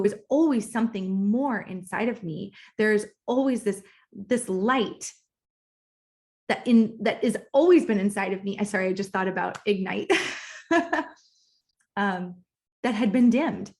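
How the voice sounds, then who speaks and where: A woman's voice: mid-range voice, a little slow, pauses often, a little mellow. A woman in her thirties, a business coach, tells her personal story in a casual, candid way in a recorded course module, sometimes getting emotional and emphatic. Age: 30s. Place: at home, kitchen nearby.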